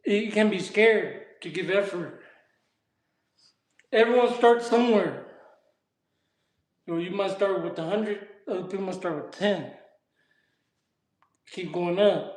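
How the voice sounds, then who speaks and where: A man's voice: high voice, measured pace, pauses often. A man chatting casually in street slang while he works out on a live stream and answers his chat. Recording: echoey room.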